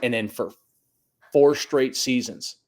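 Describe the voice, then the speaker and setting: Middle-aged man, high school soccer coach, casual storytelling, acts out dialogue, salty language. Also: takes it slowly. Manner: animated storyteller, acts out quotes, swears.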